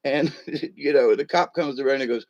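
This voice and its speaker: Man in his 60s, rambling storyteller, lots of ums, chuckles, mid-pitched voice, muffled lo-fi sound. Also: a little fast, darkish tone. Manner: rambling, chuckling, with many fillers. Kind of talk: casual personal storytelling.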